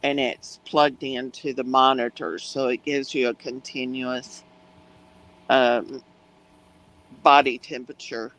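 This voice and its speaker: A man in a casual live chat, explaining hospital practice in a measured way. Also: mid-range voice, little pitch movement, fairly bright tone, rough recording.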